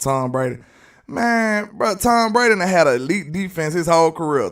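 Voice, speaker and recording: This Southern-accented sports channel host from Alabama, US, argues forcefully during live commentary, repeating phrases for emphasis. His fairly high, slightly bright voice comes through a distant mic.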